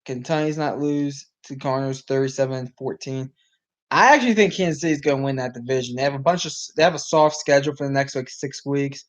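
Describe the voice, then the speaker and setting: He talks quickly in a medium-pitched voice, hosting casual sports chat during a live game. His delivery rambles, with frequent restarts and many ums, as he reacts to plays. He's losing his voice.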